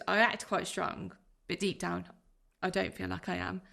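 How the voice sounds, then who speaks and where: A woman's voice: fairly low pitch, level tone, gravelly, bright, forceful tone. A woman in her thirties, a podcast guest telling her own story in an earnest, heartfelt way. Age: 30s. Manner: earnest, heartfelt, speaks in rushes of feeling. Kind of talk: emotional personal interview.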